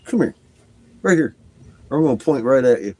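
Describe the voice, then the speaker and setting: A man's voice: mid-range voice, lively intonation, normal speed, dark tone, slightly rough, no echo, rough recording. A man livestreaming from home who laughs a lot, swears freely and banters with his dog between chatting with viewers. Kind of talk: casual livestream chat.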